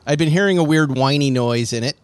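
A man in casual chat, telling a story with lively acted-out quotes. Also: fairly high pitch, fast talker, very noisy. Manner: animated storytelling, acts out quotes. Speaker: podcast host. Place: Los Angeles area.

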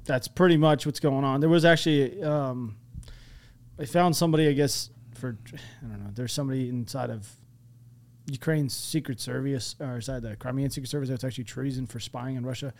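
A man hosting a casual news podcast, talking in a loose, halting way. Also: medium pitch, a little mellow. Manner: loose and halting, laughs easily. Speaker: podcast host.

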